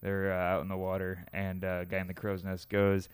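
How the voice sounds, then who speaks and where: A man's voice: low voice, monotone, brisk, clean tone. A man in his thirties chatting casually on a podcast, rambling through a joke. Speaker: podcast host. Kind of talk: casual chat.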